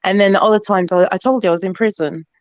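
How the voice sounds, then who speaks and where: A woman's voice: mid-range voice, steady tone, no echo. Cheeky london woman joking around on a live panel, dry slightly muffled sound. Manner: joking, cheeky, quick asides. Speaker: panel caller. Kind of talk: casual live chat.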